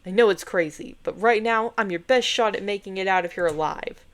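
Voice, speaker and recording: A woman's voice: mid-range voice, fairly quick, lightly acted. A woman voicing a dashing young male hero in a cheesy old film, urgent and coaxing.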